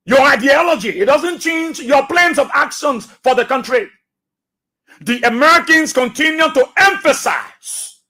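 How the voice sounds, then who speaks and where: A man with a Liberian English accent hosts a radio talk show from the studio, his voice very high-pitched, bright and forceful. His commentary monologue is emphatic, packed with repeated phrases and rhetorical questions.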